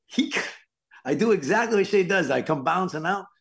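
A man's voice: high-pitched, normal speed, vocal fry. A man from Worcester, Massachusetts, a guest actor rambling casually through anecdotes and acting out the quotes. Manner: animated, rambling, acts out quotes loudly.

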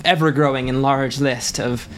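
A man's voice: medium pitch, fairly even intonation, moderate pace, slight background noise. A man co-hosting a podcast in casual chat, laid-back and mostly giving short reactions. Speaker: podcast co-host.

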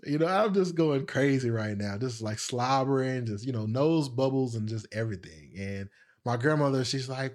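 A man's voice: moderate pace, a little mellow. A young man hosting a podcast, telling a story in a rambling way full of fillers. He laughs at himself and raises his voice to act out the people he quotes. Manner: acts out quoted voices higher. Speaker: podcast host. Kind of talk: casual storytelling.

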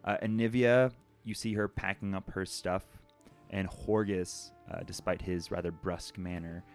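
A man narrating as game master of a tabletop game, relaxed and laughing easily with his players. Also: low voice, moderate pace, faint music behind.

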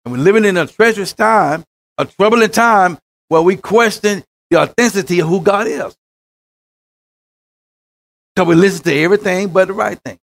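A man with a high voice preaches a sermon. He swings between shouted exhortations and sudden quiet drops, as a pastor does when driving home a point. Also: moderate pace, pauses often.

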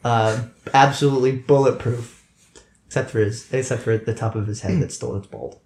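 A man's voice: medium pitch, fairly even intonation, moderate pace, a little mellow. Man narrating a tabletop game, echoey. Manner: rambling, restarting descriptions. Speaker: game master. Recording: echoey room with faint noise.

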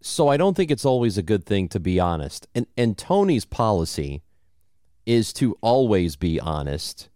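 A man's voice: lowish voice, moderate pace, no echo, studio quality. A young man from Southern Illinois with a slight Southern Illinois accent, chatting casually as a podcast co-host and telling stories with many restarts. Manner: animated, storytelling, many restarts. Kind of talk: casual chat.

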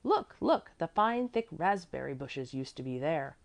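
Earnest, fretful old housekeeper type, emphatic, with lively pitch swings, read by a woman. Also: a little slow, creaky, full character voice. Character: fussy, devoted older woman servant.

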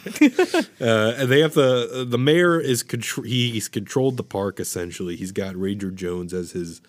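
A man's voice: mid-range voice, animated, unhurried. A man on a podcast recapping a movie plot in a loose, profane, laughing way. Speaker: podcast co-host. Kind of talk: casual film chat.

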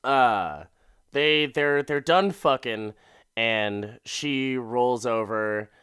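A man's voice: medium pitch, drawn-out words, a bit bright, smooth, no echo, studio quality. A man giving a profane, rambling comic recap of a movie, full of fillers.

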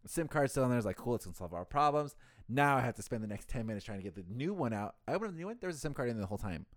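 Male podcast co-host, quick and animated, acts out every line of dialogue, cusses a lot, dry close mic. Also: mid-range voice, no echo. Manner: animated, acts out quoted dialogue, swears freely. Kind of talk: casual storytelling chat.

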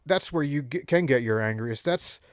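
A man's voice: medium pitch, animated, moderate pace, no echo, clean studio sound. A man from the Philadelphia area co-hosting a comedy podcast, joking and often restarting his sentences. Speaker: podcast co-host. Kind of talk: casual podcast chat.

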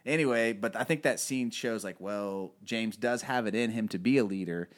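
A man's voice: on the low side, normal speed. A man hosting a podcast, chatting casually about a film in a rambling way with lots of fillers. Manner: rambling, many fillers, acts out movie quotes. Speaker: podcast host.

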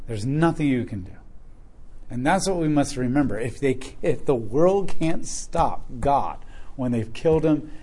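In a medium-pitched, mellow, slightly rough voice, a Bible teacher reads scripture aloud and breaks in with casual, funny commentary explaining it.

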